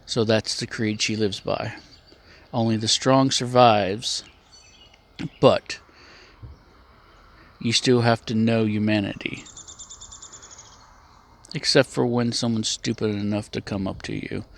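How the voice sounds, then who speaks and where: Slow, low-voiced male storyteller. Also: fairly even intonation. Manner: unhurried and plainspoken, with a few restarts. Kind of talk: casual spoken storytelling.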